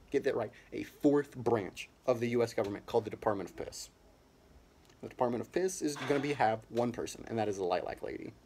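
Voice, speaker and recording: A man's voice: mid-range voice, slight background noise. Rambling young man in a mock speech. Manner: rambling, absurd deadpan bluster. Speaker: comedian.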